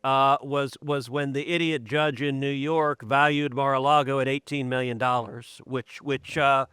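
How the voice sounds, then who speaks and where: A man's voice: mid-range voice, steady tone, measured pace, a bit bright, smooth, no echo, clean studio sound. A man hosting a political interview, conversational and given to restarting his words. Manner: conversational, repeats words when starting. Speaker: host.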